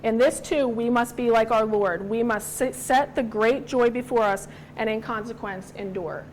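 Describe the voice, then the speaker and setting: Woman Bible study teacher, earnest and personal, fairly high voice, faint background hiss. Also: normal speed, darkish tone, poor audio.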